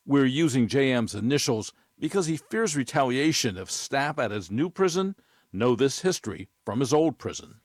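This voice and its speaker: A man reporting as an investigations correspondent, reading a scripted news report in a measured, even way. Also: mid-range voice, no room sound. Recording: dry studio voice.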